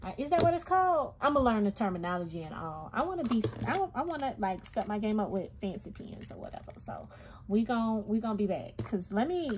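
A woman filming a casual stationery haul at her desk at home, talking straight to her viewers with animated exclamations. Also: medium pitch, a little hiss or hum. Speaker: stationery vlogger. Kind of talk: casual chatty haul video.

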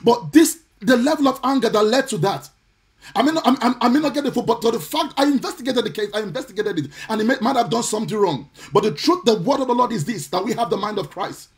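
Indignant high-voiced preacher, forceful repeats. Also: male voice, expressive, fast talker. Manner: forceful, repetitive, indignant, sometimes sing-song cadence. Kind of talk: impassioned preaching on a live stream. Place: home or church, streaming live.

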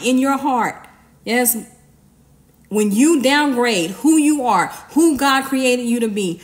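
A woman giving an informal, emphatic sermon, talking conversationally with slang and repeated commands. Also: fairly high pitch. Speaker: preacher.

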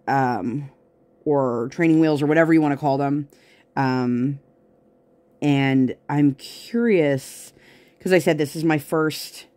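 A woman's voice: sits low, darkish tone. A woman talks to her viewers while she works at a craft table at home. Her chat is loose and rambling, full of tangents and everyday fillers. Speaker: crafting vlogger.

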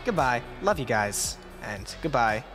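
A young man giving excited commentary on his gameplay as a YouTuber, laughing and exclaiming often. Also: mid-range voice, a little slow, soft background music. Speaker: gaming YouTuber.

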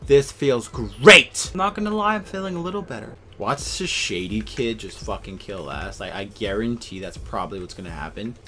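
A young man ranting and swearing over a video game, swinging between yelling and low muttering. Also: lively intonation, a little fast, hardly any pauses, slight background noise. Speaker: gaming YouTuber. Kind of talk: angry gameplay commentary.

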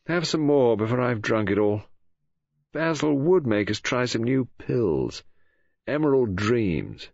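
A man's voice: mid-range voice, sing-song, unhurried, creaky, a little mellow, dry recording, voice pushed up, heavily acted. A man voicing a languid, offhand young woman, teasing and arty, in an audiobook reading. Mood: drowsy. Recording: dull lo-fi audio.

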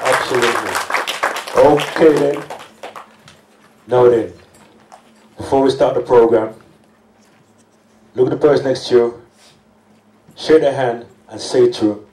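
Loud, jokey man rousing a crowd. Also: mid-range voice, measured pace, pauses often. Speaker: co-host. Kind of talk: lively event hosting. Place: community hall with audience. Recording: echoey hall, crowd noise, distant.

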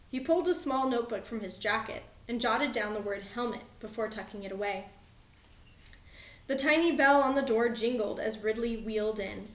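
A woman reads a children's storybook aloud, telling it in a clear, even way. Her voice sits a little on the high side, and the recording carries a roomy echo. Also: normal speed. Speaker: audiobook narrator. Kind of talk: storybook narration.

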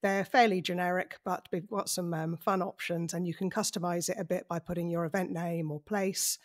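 A relaxed woman guesting on a podcast, her voice fairly low for a woman. She explains plainly and calmly, pausing on ums. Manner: relaxed, matter-of-fact, says um often. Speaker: podcast guest, events organizer. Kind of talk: casual podcast chat.

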